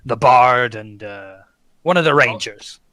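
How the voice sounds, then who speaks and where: A man's voice: mid-range voice, a little slow, bright, forceful tone, dry recording. A man playing a tabletop game in a brash, crude manner. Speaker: player.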